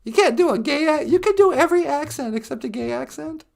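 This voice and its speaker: A man's voice: very high-pitched, animated, quick pace, vocal fry, voice pushed up, full character voice. A man putting on the voice of a chirpy woman co-host who answers calls, sweet and easily surprised.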